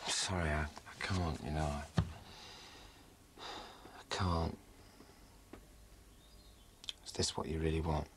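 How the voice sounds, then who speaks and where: Middle-aged husband, bitter and sarcastic, swinging intonation, TV drama. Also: male voice, medium pitch, sing-song, brisk, noisy background.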